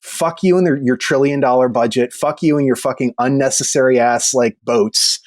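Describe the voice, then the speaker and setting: A man's voice: medium pitch, fairly even intonation, no echo. Mid-voiced male guest, dry sound. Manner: rambling, profane, halting restarts. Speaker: podcast guest, reporter. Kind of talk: casual chat, storytelling.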